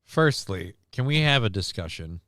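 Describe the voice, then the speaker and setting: A man's voice: fairly low pitch, big pitch swings, moderate pace, a bit bright, no room sound, clean studio sound. A man hosting a stream, chatting casually and joking as he reacts to news clips, rambling and swearing freely. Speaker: stream host.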